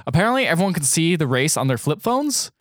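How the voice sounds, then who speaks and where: A man's voice: fairly high pitch, big pitch swings, quick pace, no echo, studio quality. A man co-hosting a podcast, casually recapping a movie in a rambling way, laughing often and saying "like" a lot. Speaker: podcast co-host.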